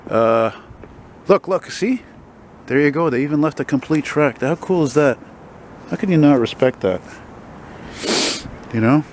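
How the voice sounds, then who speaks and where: A man's voice: fairly high pitch, expressive, a little slow, long pauses, background noise. A man rambling and swearing as he films a walking vlog on a city street with a handheld camera. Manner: rambling, profane, wry asides. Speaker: vlogger.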